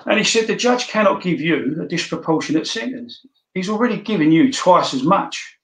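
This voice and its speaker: A man's voice: on the high side, lively intonation, moderate pace, fairly bright tone. A middle-aged man, telling his story as a guest in a casual, blunt way, swearing often and stumbling over restarts. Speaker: interview guest. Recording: echoey room.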